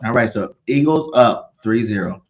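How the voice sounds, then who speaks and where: Boastful mid-pitched man with a muffled sound. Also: expressive, normal speed, a little hiss or hum. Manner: boastful, insistent fan banter. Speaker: sports podcast co-host. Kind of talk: casual sports debate.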